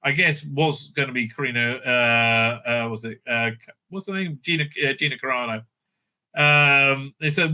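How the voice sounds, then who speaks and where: A man's voice: mid-range voice, normal speed, pushed and bright. A man recapping and reviewing a TV episode in a rambling, profane and sarcastic way. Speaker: show reviewer.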